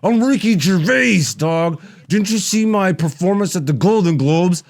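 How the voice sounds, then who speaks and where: A man doing a deliberately poor impression of a bragging British male comedian, with a fake British accent. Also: sits high, lively intonation, a little mellow, voice pushed up. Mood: cocky.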